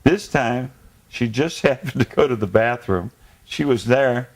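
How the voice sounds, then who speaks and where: A man's voice: medium pitch, unhurried. A man as a guest in a casual comedy chat, telling an anecdote and acting out the quotes. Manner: animated anecdote teller, acts out quotes.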